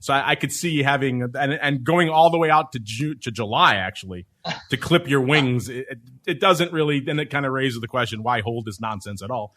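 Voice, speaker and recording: A man's voice: mid-range voice, a little fast, a bit bright. A man hosting a podcast in casual chat, teasing his co-hosts playfully. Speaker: podcast host.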